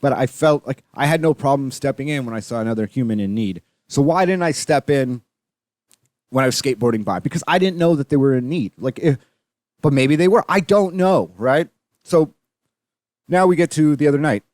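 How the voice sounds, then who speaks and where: A young Canadian man hosts a podcast, his mid-range voice captured in clean studio sound with no room sound. His casual monologue is profane and rambling, growing animated whenever he retells a story.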